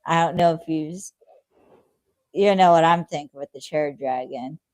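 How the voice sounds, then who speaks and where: A woman chatting casually about a TV episode, relaxed and rambling, swearing freely. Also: deep voice, moderate pace, no echo, low-quality recording. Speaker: co-host. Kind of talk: casual chat reacting to a TV episode.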